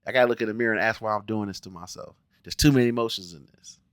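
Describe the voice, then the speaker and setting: A man with a low voice and an American accent from around Cincinnati, giving a casual review of a TV show. He talks bluntly and with plenty of profanity, sounding exasperated, and puts on mock voices for the characters. The recording is dry, with no room sound. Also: very fast, a bit bright, no room sound. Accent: American, Cincinnati area. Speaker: TV review vlogger.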